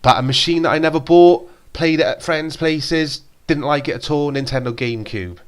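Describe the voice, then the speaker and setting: A man's voice: on the high side, normal speed, clean tone. A man, co-hosting a casual chat and talking in an enthusiastic, rambling way. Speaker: co-host.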